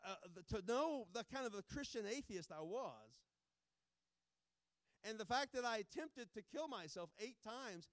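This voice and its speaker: A pastor giving informal, joking remarks before a sermon, rambling with many restarts. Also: male voice, high-pitched, dry recording, clean studio sound.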